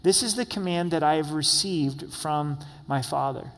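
A man's voice: fairly high pitch, moderate pace, fairly bright tone. A male pastor delivering a sermon, reading scripture aloud verse by verse and addressing the congregation directly with light humor. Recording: long echoey hall reverb.

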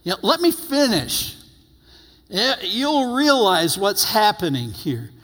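A man voicing a patient, gentle Jesus who calmly reassures a disciple, his voice pitched well above his own. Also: takes it slowly, exaggerated voice. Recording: long hall reverb.

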